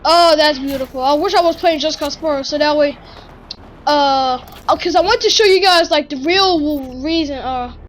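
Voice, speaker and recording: A woman giving excitable gaming commentary, full of gasps and exclamations. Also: high-pitched, normal speed, a little hiss or hum, low-quality recording. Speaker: gamer.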